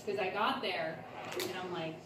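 A woman's voice: on the low side, moderate pace, background noise. A young woman telling a family story in a rambling way with restarts, heard through a camera across the room. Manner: rambling, restarts, acts out quotes. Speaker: family member. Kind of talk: telling a story in casual chat. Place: living room with a TV. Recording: echoey room from far off.

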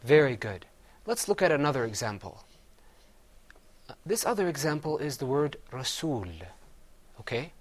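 A man's voice: fairly high pitch, lively intonation, moderate pace, pauses often. A man teaching Quran recitation, patiently having his students repeat words after him. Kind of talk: classroom recitation lesson.

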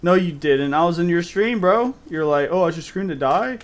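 Lively young man streaming a game. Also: high-pitched, moderate pace. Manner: swears a lot, chats with viewers. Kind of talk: casual gameplay commentary.

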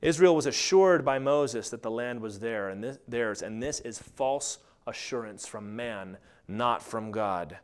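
A man preaching a sermon as pastor, animated and acting out quotes along the way. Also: mid-range voice, unhurried, smooth. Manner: animated, acts out quotes and asides.

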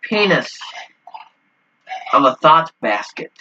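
Brief: excitable young male gamer host, slightly high voice, low-fi headset sound. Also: brisk, recorded from a distance, lo-fi sound. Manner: excitable, trash-talking, squeaky outbursts. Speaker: gaming channel host. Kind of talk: casual gameplay banter.

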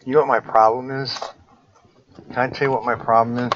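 A man's voice: mid-range voice, little pitch movement, brisk. A man who runs a toy shop, muttering and sighing to himself in frustration as he talks casually to the camera. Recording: dull lo-fi sound with background noise.

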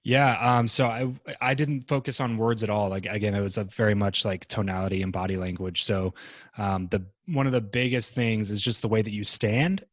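A man talking as a podcast guest in casual interview chat, relaxed and rambling, with many fillers and restarts. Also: on the low side, normal speed, no room sound.

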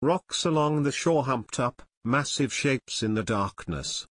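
A man narrating an unabridged adventure audiobook in a steady, measured reading voice. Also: medium pitch, dry recording, studio quality. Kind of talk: scripted narration.

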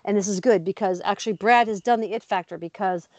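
A woman co-hosting a casual talk show, telling stories with lively acted-out voices. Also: mid-range voice, quick pace, no room sound, dull audio. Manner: lively storyteller, acts out voices. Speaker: co-host. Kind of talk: casual chat.

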